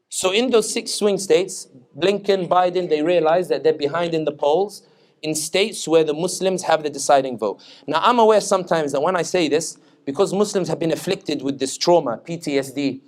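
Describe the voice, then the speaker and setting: Male guest speaker, British accent, joking and anecdotal, slightly high voice. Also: brisk. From Tunisia. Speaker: political analyst, guest speaker. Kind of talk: humorous public talk. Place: Islamic center hall.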